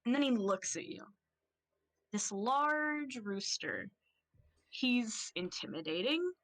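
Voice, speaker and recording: A woman's voice: fairly high pitch, big pitch swings, slow pace, fairly bright tone, rough recording. A woman narrating as game master of a tabletop game, casual and rambling, often laughing. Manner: casual, giggly, loose and rambling.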